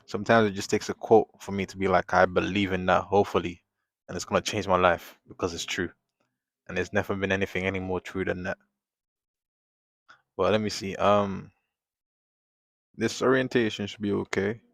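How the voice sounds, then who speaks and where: A man chatting casually on a live drawing stream, rambling and venting in animated bursts at a desk microphone at home. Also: low-pitched, moderate pace, pauses often, no echo. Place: home, at a table.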